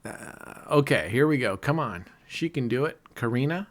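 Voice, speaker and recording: A man's voice: medium pitch, big pitch swings, unhurried, hardly any pauses, a bit bright. A middle-aged man giving casual, joking live commentary on his casino session, laughing often and cheering or groaning at each spin. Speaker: casino vlogger.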